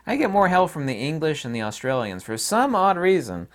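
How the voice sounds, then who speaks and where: A man's voice: fairly high pitch, very animated, brisk. A man hosting his own channel, talking in a rambling, opinionated and folksy casual monologue. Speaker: channel host.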